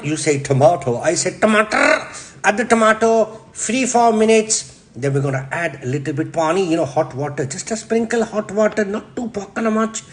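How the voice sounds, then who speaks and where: A man with a Yorkshire accent hosting a comic cooking demonstration, brash and deadpan, swearing constantly as he talks through the steps. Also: a little high. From Yorkshire, England. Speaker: cooking show host.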